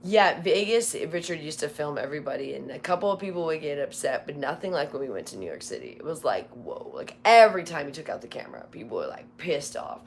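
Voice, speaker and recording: Woman livestream host, deep for a woman, chatty and meandering, voice prone to cracking. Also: sing-song, quick pace, creaky, few pauses, a little hiss or hum. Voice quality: voice cracks when tired. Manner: rambling storyteller, heavy use of "like". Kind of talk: casual livestream chat.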